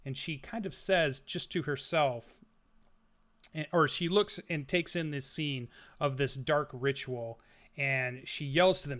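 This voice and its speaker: A man's voice: on the high side, unhurried, a bit bright. A man narrating a tabletop role-playing game as game master, setting scenes like camera shots, with frequent fillers and restarts.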